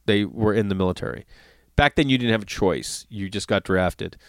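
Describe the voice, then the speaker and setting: A man's voice: on the low side, moderate pace, no echo. A middle-aged man telling a story in a casual monologue, ranting and swearing as he goes. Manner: profane, ranting, animated storytelling.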